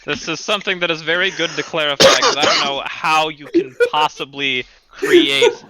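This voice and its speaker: A man's voice: fairly high pitch, big pitch swings, normal speed, heavy background noise. A man playing in a tabletop game, talking in a playful, joking way. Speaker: player. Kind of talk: casual tabletop game chat.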